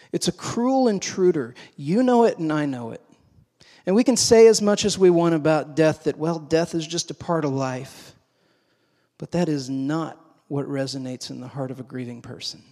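A man preaching a sermon, moving between hushed, slow passages and emphatic, raised ones. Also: on the high side. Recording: long hall reverb.

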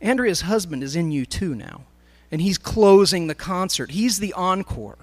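High-voiced man telling a story. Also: animated, moderate pace. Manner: storytelling, addressing a live audience. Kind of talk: sermon.

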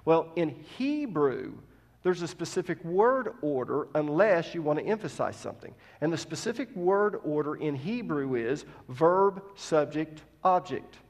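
A man's voice: fairly high pitch, lively intonation, unhurried. Man preaching in a reverberant hall. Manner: emphatic, with swings between loud stresses and soft asides. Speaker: preacher teaching scripture. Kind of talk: sermon. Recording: long reverb of a large hall.

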